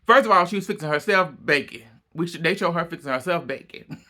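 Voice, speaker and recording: A man's voice: fairly high pitch, animated, normal speed, pushed and bright. A man giving a blunt, profane, exasperated casual recap of a reality TV episode.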